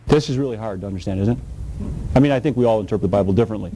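A man's voice: fairly low pitch, racing, warm tone, slight background noise, rough recording. A man preaching a sermon, emphatic and full of rhetorical questions, with folksy grammar.

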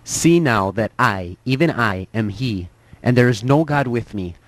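A man reading scripture aloud in a slow, measured way. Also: mid-range voice, expressive, low-quality recording. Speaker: scripture reader.

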